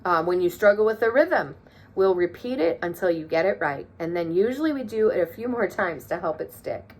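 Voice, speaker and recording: A woman's voice: lowish voice, animated, fairly quick, a little mellow. A woman teaching a music lesson to children, encouraging them and counting rhythms aloud.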